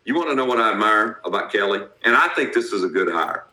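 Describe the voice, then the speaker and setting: A man with a heavy Southern accent talks sports in a blunt, folksy way. His voice sits low but bright and forceful. The room around him has a strong echo. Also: lively intonation, fast talker. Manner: blunt, folksy, laughs often. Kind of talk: casual sports talk.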